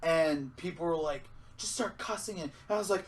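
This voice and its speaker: A young man co-hosting a podcast, telling stories in casual chat, animated and swearing freely. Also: on the high side, brisk, few pauses. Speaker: podcast co-host.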